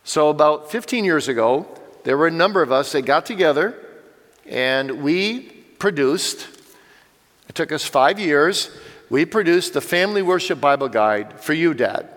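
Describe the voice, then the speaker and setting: Addressing the parents in front of him, an older male Bible teacher teaches with earnest conviction in an expressive, fairly bright voice that sits slightly high for a man. He keeps a moderate pace while the church hall's lengthy echo lingers after every line.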